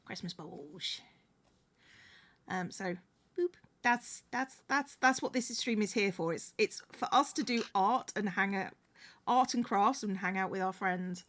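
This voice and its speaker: A livestream host with a mid-range, slightly bright voice chats casually and unhurriedly while sewing crafts. She thanks viewers and often restarts her sentences.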